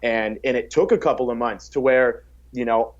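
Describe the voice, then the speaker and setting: A man's voice: mid-range voice, normal speed. A man in casual podcast conversation, talking about coaching with energy. He often repeats words as he starts sentences. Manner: acts out quotes in a raised voice. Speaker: fitness coach, podcast guest. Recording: slightly dull podcast audio.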